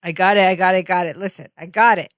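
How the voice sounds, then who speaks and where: A woman's voice: lowish voice, fast, no echo. A woman co-hosting a casual podcast, recapping scenes and slipping into quoted lines. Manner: animated recapping with quoted voices. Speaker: podcast co-host. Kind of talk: casual rewatch podcast chat.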